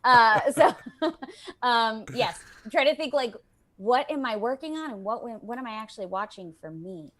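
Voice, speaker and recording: A woman voice actor chatting as a guest in a remote interview, animated and emotional, often restarting her sentences. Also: on the high side, normal speed. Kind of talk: casual interview chat. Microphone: video call.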